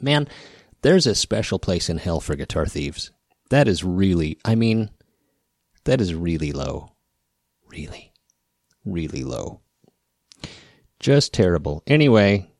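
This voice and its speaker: Here a rural Western Midwest American man hosts a podcast in a low, slightly mellow voice. His casual talk is wry and rambling, and he often cuts himself off to restart. The studio-quality audio has no room sound.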